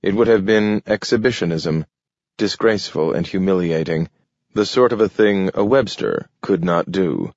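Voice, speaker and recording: A man narrating a story in a measured, steady way. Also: low-pitched, no echo. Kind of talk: scripted audiobook narration. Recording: dull, dry lo-fi recording.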